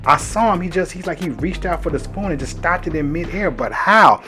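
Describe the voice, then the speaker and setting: A man's voice: a little high, animated, fairly quick, bright, forceful tone, faint music behind, voice pushed up. A man voicing a scared, confused teenage girl, firing off anxious questions during a casual comic recap. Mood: bewildered.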